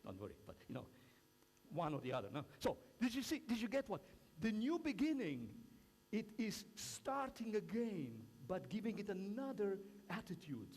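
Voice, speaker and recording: A man giving a lively conference talk in broken English, emphatic and playful, acting out little asides between violin demonstrations. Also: sits high, normal speed. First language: Slovenian. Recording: echoey hall, violin music between phrases.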